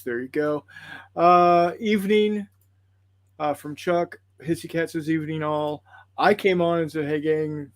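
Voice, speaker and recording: A man's voice: fairly high pitch, no echo. A man hosting a tabletop gaming livestream, chatting casually and rambling apologetically through viewer comments with plenty of fillers.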